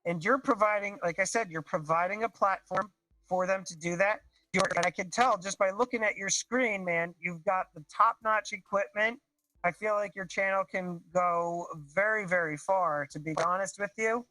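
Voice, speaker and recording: Excited guy calling in on video, nasal stuffy voice, high and sharp. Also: moderate pace, no echo, poor audio. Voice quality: nasal, congested. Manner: enthusiastic, effusive. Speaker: caller. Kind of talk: casual video call chat. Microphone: video call.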